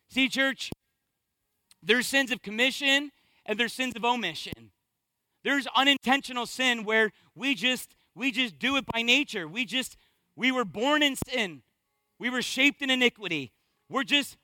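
High, bright-voiced male pastor preaching. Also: no echo. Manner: preaching with rising fervor and rhetorical questions. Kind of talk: sermon.

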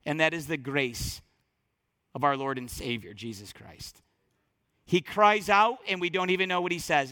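A man preaching a sermon in an emphatic storytelling way, swinging between loud and soft. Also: fairly high pitch. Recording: long reverb in large hall.

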